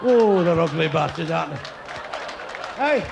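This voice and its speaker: A brash stand-up comedian in his sixties, with a high voice full of gravel, works a live crowd and hammers it with crude jokes. The room is loud with noise, and the crowd's laughter rises around him on stage. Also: animated, a little slow. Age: 60s. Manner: brash, crude, teasing the audience. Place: comedy club stage before a live audience.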